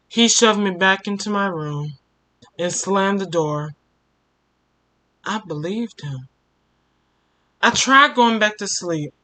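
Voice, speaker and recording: A man's voice: high-pitched, pushed and bright. A young man reading a fan fiction story aloud for his channel, emotional, often stopping to comment and sigh. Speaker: storytime YouTuber.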